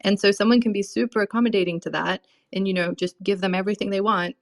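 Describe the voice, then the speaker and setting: A young adult woman gives relationship coaching in a casual, chatty advice talk, sprinkling in lots of "you know" and "um." Her mid-range voice stays steady in tone and moves at a quick pace.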